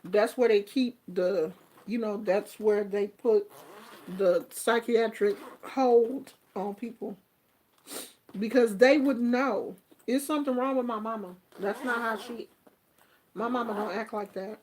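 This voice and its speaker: A middle-aged woman, giving a casual, animated commentary vlog and laughing often. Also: fairly high pitch, a little slow. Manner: animated, chatty, laughs often, sings snippets. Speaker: vlogger commenting on online drama.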